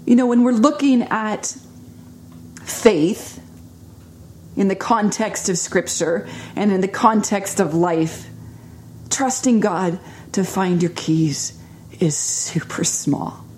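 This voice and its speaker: A middle-aged woman giving an earnest, emotional personal testimony in a sermon, dropping to hushed tones at times. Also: medium pitch, slow, pauses often, a little hiss or hum. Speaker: speaker sharing a faith testimony.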